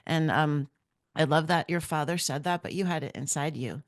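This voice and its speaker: A woman hosts a podcast interview in a very low voice. Her sound is dry and close, with no room around it. She is affirming and enthusiastic, quick to agree. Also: no echo. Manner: affirming, frequent "mm-hmm", enthusiastic. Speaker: podcast host. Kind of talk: casual interview chat.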